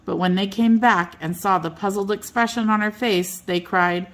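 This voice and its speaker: An older woman reading a bedtime storybook aloud as a storyteller, gentle and unhurried. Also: medium pitch, fairly even intonation.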